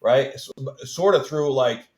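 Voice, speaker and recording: A man's voice: medium pitch, a little slow, darkish tone. A man earnestly explaining a healing practice in casual interview talk, often checking in with "right?". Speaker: guest healer. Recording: roomy echo.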